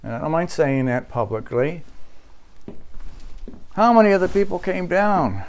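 A male pastor preaching a sermon, with emphatic insistence that drops to quiet, low asides. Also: big pitch swings, unhurried.

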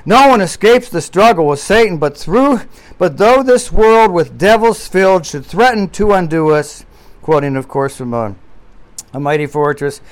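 A man with a somewhat high voice preaches a sermon from a church pulpit. He pushes hard on key words, then drops to quiet asides. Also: animated, normal speed. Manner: emphatic preaching with swings between loud and quiet. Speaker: pastor.

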